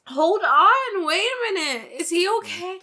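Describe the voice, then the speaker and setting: Woman doing casual reaction chat, bright tone, slow and drawn out, gets emotional and breaks off. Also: very high voice, big pitch swings. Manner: emotional, breaks off mid-sentence, nervous laughs. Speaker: reaction channel host.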